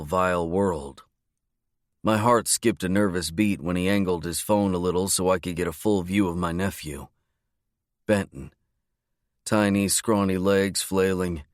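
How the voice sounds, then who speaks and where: A man reading a romance audiobook in a measured, low-key narration. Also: dry recording, clean studio sound. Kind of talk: scripted narration.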